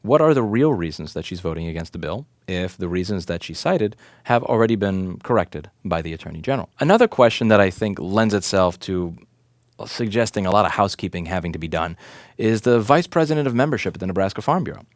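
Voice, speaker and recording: A man's voice: low-pitched, expressive, fast talker, no echo, studio quality. A man in his thirties, a repair shop owner and advocate, giving an impassioned, indignant rant to camera, firing off rhetorical questions and swearing for emphasis. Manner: rhetorical questions, hammering repetition. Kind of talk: direct-to-camera commentary rant.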